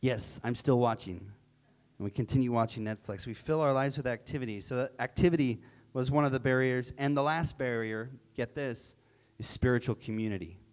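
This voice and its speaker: A man's voice: mid-range voice, a little fast, clean tone. A male pastor preaching a sermon in an earnest, emphatic way, often repeating key phrases.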